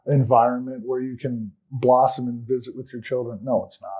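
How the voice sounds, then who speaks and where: A man, a guest on a talk show, earnestly recounting a personal ordeal in an aggrieved tone, often trailing off quietly at the ends of sentences. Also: medium pitch, flat delivery, fairly quick, husky.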